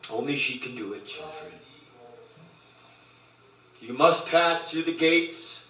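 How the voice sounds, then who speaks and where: A man preaching on a livestream, cursing freely and swinging from loud proclamations to hushed murmurs. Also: on the high side, takes it slowly, echoey room, distant mic, low-quality recording. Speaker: spiritual group leader.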